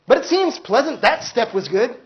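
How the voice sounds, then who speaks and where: A man's voice: extremely high pitch, big pitch swings, normal speed, lo-fi sound. Man lecturing casually in a classroom. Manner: conversational, peppers speech with "like", acts out quoted voices. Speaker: philosophy lecturer. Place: university classroom.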